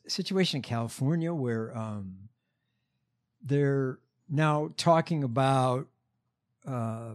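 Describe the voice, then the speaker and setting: A fairly high-voiced man, a little hoarse from allergies, co-hosts a political talk show. He speaks calmly and hesitantly, with lots of uh and um, and reads quotes aloud. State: losing his voice from allergies. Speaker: co-host.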